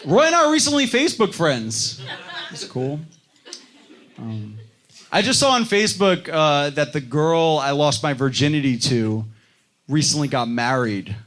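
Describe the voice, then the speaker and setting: A man's voice: a little high, very animated, measured pace. A young man doing a self-deprecating stand-up set on a club stage, acting out other people's voices. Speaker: stand-up comedian. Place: comedy club stage before a live audience. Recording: live club set with loud crowd laughter. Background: audience laughter.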